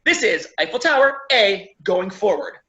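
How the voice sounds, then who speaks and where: Bright-voiced man refereeing an improv game. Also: sits high, sing-song, normal speed, muffled recording. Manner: upbeat, chatty, reads the chat aloud. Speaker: referee host of an improv match. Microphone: video call.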